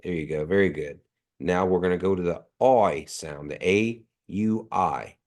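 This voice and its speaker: Man, deep voice, nasal from allergies; patient teacher repeating sounds slowly for the class on a video call. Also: a little mellow. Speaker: language teacher. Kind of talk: online language class.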